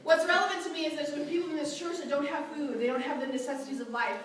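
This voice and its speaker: Lady teaching bible class, high bright voice, lots of echo, mic kinda far. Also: fast talker, slight background noise. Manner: animated, acts out quotes, laughs often. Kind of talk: church class teaching, storytelling. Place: church classroom. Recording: very echoey room, mic far off.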